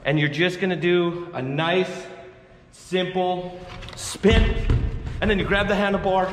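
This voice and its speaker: A man's voice: sits high, fairly even intonation, unhurried. A man casually talking through a skateboard trick in an indoor skate park, frustrated and swearing often. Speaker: skateboarding vlogger. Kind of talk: casual tutorial vlog. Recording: echoey hall with long reverb, faint noise.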